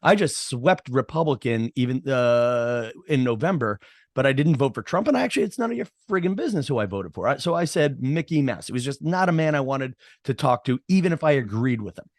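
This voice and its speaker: A middle-aged man hosting a podcast, his voice at an ordinary pitch for a man. He talks in a rambling, stop-start way, full of fillers. The recording is dry and close, with no room sound. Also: big pitch swings, brisk, no echo. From Irish heritage, New York area. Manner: rambling storyteller, many restarts and fillers. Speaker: podcast host. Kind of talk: casual podcast interview.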